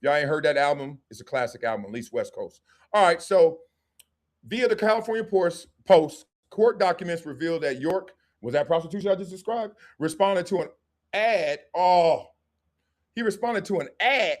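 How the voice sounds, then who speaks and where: A middle-aged man hosting a live show, commenting on sports and culture in a joking, animated way and acting out quick skits. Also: fairly high pitch. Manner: animated and joking, slips into quick acted-out skits with different voices. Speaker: host.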